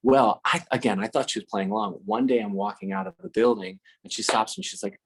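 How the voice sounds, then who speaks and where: A man's voice: on the low side, a little fast, noisy background. A man telling a casual, funny story, with lots of fillers and restarts and acted-out dialogue. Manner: animated, acts out dialogue with many fillers and restarts. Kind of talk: casual spoken anecdote.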